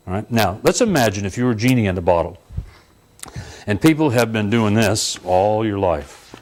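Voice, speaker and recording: Animated, chuckling male seminar speaker. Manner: animated, chuckling storyteller with sudden pitch leaps. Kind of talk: motivational talk to an audience.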